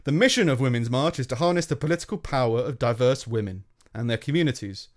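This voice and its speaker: A man's voice: medium pitch, lively intonation, quick pace. Sarcastic man on a podcast. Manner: sarcastic, swearing, laughs often, reads out statements mockingly. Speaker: podcast co-host. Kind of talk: casual podcast chat.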